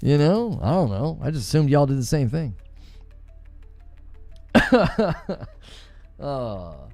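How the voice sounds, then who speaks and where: Animated man chatting on a livestream. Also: a little high, takes it slowly, soft background music. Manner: jokey, laughs often, reads chat aloud. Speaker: livestream host. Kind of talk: casual livestream chat.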